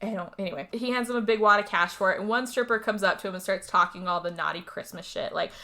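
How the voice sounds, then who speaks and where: A young woman tells a film's story to a co-host in loose, casual chat. Her voice is bright and forceful. She swears freely and slips into quick impressions of the characters. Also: mid-range voice. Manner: animated storytelling, swearing, acts out character lines. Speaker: podcast co-host recapping a movie.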